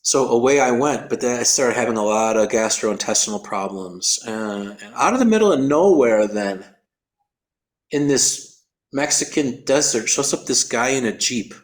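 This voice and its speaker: A man's voice: medium pitch, expressive, moderate pace. A man from the United States, an endurance athlete, recounting a race in a storytelling interview, often restarting and repeating words as he explains things in a precise, technical way. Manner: repeats words on restarts, acts out quoted voices.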